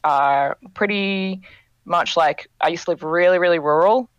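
A woman's voice: on the low side, unhurried, muffled recording. A young Australian woman with a slightly Americanized accent, a guest artist chatting casually, laughing a lot and often saying yeah. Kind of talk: casual chat.

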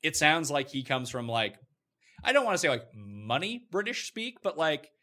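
A man from eastern Canada co-hosting a podcast, chatting casually in quick banter with restarts. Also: on the high side, very animated, sharp tone. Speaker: podcast co-host. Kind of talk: casual chat.

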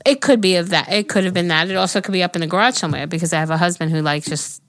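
A woman's voice: fairly low pitch, racing, no room sound. A young woman with a Long Island accent, co-hosting a casual podcast chat in a giggly, chatty way, often talking over her friend. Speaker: podcast co-host.

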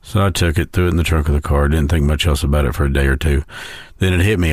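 Very deep-voiced man telling a heartfelt story. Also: steady tone, a little mellow, no echo, studio quality. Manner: slow, heartfelt, pausing storyteller. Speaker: podcast host. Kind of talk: personal storytelling tribute.

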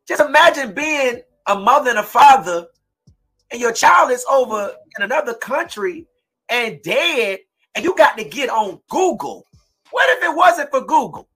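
A man hosting a true-crime podcast, giving impassioned commentary in a preachy way and breaking into shouts. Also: very high voice, animated, a little slow, husky, faint music behind, low-quality recording. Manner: fiery, preachy, shouts in bursts. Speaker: podcast host.

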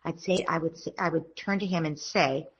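Calm woman explaining parenting steps. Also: low-pitched, normal speed, lo-fi sound, slight background noise. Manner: calm, explanatory, acts out gentle parent dialogue. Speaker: parenting expert guest. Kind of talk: conversational advice in podcast interview. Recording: podcast interview.

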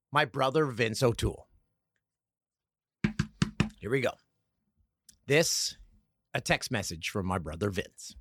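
A man from Canada hosting a solo comedic podcast, talking in an animated, sarcastic way and slipping into mock voices. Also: on the low side, a little slow, pauses often, no echo, clean studio sound. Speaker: podcast host.

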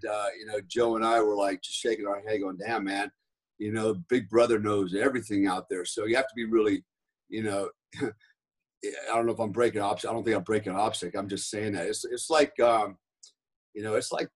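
Husky-voiced man telling war stories. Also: on the low side. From United States. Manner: rambling, profane, lots of fillers. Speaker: podcast guest. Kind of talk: casual storytelling.

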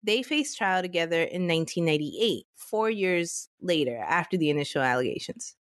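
A woman's voice: lowish voice, expressive, normal speed, dry recording. Woman podcast co-host, casual, laughs a lot, dry close mic. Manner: laughs often, recaps case facts. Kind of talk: casual chat and case recap.

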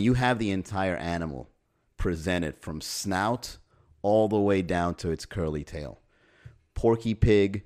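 A man's voice: low-pitched, a little mellow. A man hosting a podcast, talking in a wry, sarcastic comic monologue and laughing at his own jokes. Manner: swears casually. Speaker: podcast host. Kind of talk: casual comedic podcast monologue.

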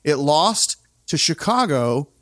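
Man, podcast host, slightly high voice, dry sound, animated, opinionated, self-interrupting. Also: slow pace, no room sound. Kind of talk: casual music podcast chat.

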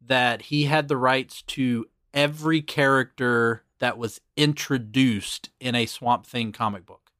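A man's voice: mid-range voice, unhurried, dry recording, studio quality. A man hosting a podcast, chatting casually and walking through background facts. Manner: relaxed, explains background facts. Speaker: podcast host.

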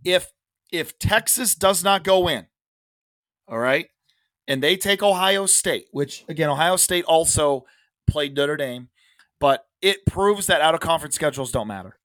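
A man's voice: fairly high pitch, animated, measured pace, fairly bright tone, no room sound. A man co-hosting a casual sports podcast, talking emphatically, restarting phrases and dropping in frequent "all right"s. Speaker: podcast co-host.

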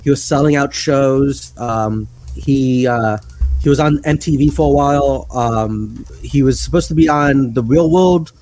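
A man's voice: medium pitch, unhurried, a little mellow, faint music behind, poor audio. A man chatting casually as a podcast guest, rambling with lots of fillers and laughs. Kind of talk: casual chat.

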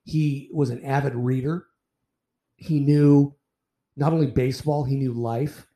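Older male ex-umpire, dark mellow voice, salty storyteller who trips over his restarts. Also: medium pitch, unhurried. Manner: profane, animated anecdotes with repeated restarts. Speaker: retired baseball umpire. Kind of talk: casual storytelling in a podcast interview.

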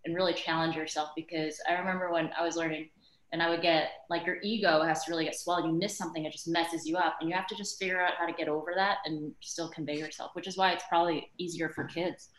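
A woman speaks in a fairly low voice, candid and animated as she chats as a podcast guest. Her voice rings a little in a roomy space. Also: fast talker. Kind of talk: casual conversation.

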